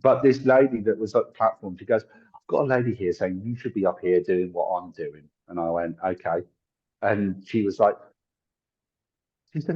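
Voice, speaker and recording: This middle-aged guest, a tarot reader and psychic medium, speaks in a low, husky, slightly mellow voice at normal speed. He tells stories casually in an interview, chatty and laughing often, performing the voices he quotes over dull lo-fi call audio.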